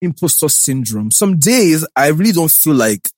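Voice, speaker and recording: Lively Nigerian man, husky voice. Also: fairly high pitch, moderate pace, no room sound, studio quality. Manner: animated, laughs often, mixes pidgin with English. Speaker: podcast host and content creator. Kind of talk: casual chat.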